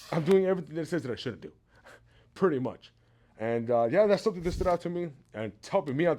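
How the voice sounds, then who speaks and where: A man sharing a Bible reflection in a casual devotional talk, telling it as a lively story with chuckles and conversational asides. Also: medium pitch, a little hiss or hum. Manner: conversational, with tag questions and restarts.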